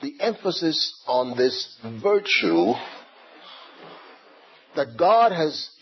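A man preaching a sermon, retelling a scripture story in a slow, animated way and repeating words as he goes. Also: a little high, a little hiss or hum. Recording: dull lo-fi recording with faint ambience.

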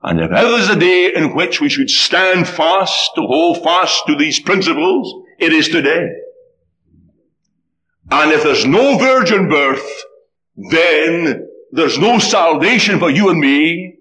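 A man preaching a sermon, telling a story with dramatic, animated delivery. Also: fairly high pitch, takes it slowly.

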